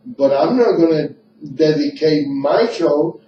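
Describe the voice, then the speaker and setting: A man's voice: a little high, expressive, slow pace, roomy sound, slight background noise. A man hosting a radio talk show in English, his second language, rambling and repeating himself as he shares his opinions. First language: not English. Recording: dull lo-fi room sound from a distant mic.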